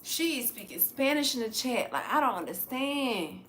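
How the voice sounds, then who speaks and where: A young American woman hosting a casual livestream, animated and profane, swinging between mutters and loud bursts. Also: high-pitched, normal speed, few pauses, reverberant. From United States. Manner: profane, playful. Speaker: livestream host.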